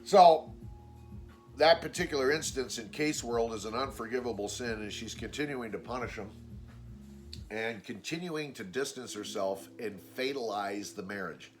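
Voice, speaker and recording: A blunt man venting in a casual vlog monologue, his voice sitting in an ordinary middle pitch. He sounds exasperated and swears freely, and he pitches his voice up when he mimics what other people said. Faint music plays behind him. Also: moderate pace. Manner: acts out quoted people with raised pitch. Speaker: vlogger.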